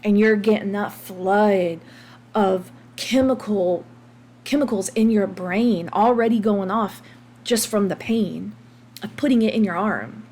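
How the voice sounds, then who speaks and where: A woman's voice: medium pitch, darkish tone, slight background noise. Candid American woman confessing on a podcast. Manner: open and confessional, with frequent ums and restarts. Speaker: podcast host. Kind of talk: candid personal monologue.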